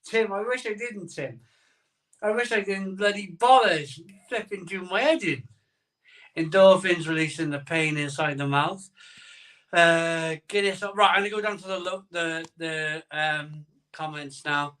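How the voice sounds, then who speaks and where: A man's voice: high voice, measured pace, fairly bright tone, distant mic. A man hosting a live beer-tasting stream, talking in a rambling, self-interrupting way while his mouth burns from chili. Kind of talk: casual live-stream chat. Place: home room, streaming live.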